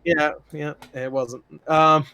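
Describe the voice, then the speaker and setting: A man's voice: a little high, slow, a loud crowd. A man co-hosting a casual gaming podcast, joking sarcastically and swearing a lot. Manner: profane, sarcastic, animated storytelling. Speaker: podcast co-host. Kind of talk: casual chat.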